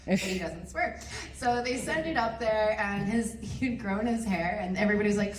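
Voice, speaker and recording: A woman's voice: mid-range voice, fairly quick, far from the mic. Woman telling swear-laden stories, echoey hall. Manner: lively, laughs often, swears freely. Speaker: film director on a convention panel. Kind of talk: storytelling panel Q&A. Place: convention panel room.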